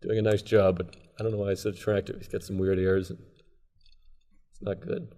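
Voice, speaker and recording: A man's voice: low voice, little pitch movement, a little fast, warm tone. Comedian guy rambling on a podcast, candid, pokes fun at himself, casual chat. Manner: rambling, self-deprecating, candid. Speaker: comedian guest. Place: comedy club.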